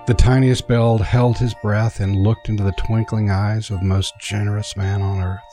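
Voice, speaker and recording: A middle-aged man reading a storybook Christmas tale aloud. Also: fairly low pitch. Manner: sheepish and laughing in the chat. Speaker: storyteller and guest. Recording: music playing behind.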